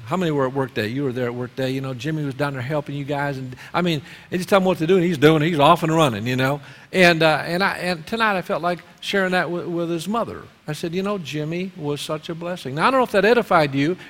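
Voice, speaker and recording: A man's voice: a little high, fast talker. A male pastor preaching at a church service, calling on the congregation to answer back. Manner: lively call-and-response preaching. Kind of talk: sermon. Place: church sanctuary. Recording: long reverb of a church hall.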